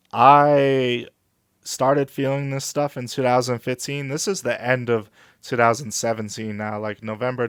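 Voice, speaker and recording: A man candidly telling a personal story in a vlog, halting and emotional at times. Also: medium pitch, clear, resonant tone, no echo, clean studio sound. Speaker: vlogger.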